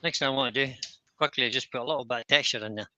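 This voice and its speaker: A man's voice: mid-range voice, rapid-fire, pushed and bright, dull audio. A man hosting a casual live stream, explaining his woodturning steps as he works. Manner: explains each step as he works. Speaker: host demonstrating woodturning. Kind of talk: casual live-stream chat while working.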